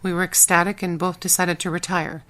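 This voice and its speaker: Narrator doing a blunt no-nonsense ex-agent lady, matter-of-fact, lowish voice. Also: little pitch movement, fairly quick, a bit bright, natural voice.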